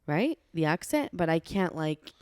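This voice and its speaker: Chatty American woman, low, dry sound. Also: big pitch swings, unhurried, clean tone, dry recording. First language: Bosnian. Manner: chatty, full of "like" fillers. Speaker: podcast co-host. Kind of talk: casual chat.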